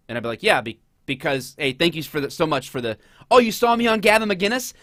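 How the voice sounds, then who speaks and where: Sarcastic middle-aged male host, lively pitch, dry close sound. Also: a little fast, no room sound. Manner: animated, sarcastic. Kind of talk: casual commentary.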